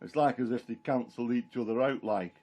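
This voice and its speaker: A man's voice: medium pitch, fairly even intonation, a little fast, dark tone, natural voice. Peter the fisherman, plain-spoken and chatty , played by a man, first-person monologue. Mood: excited. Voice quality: homely dialect storytelling, plain and chatty. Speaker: Christian storyteller in character.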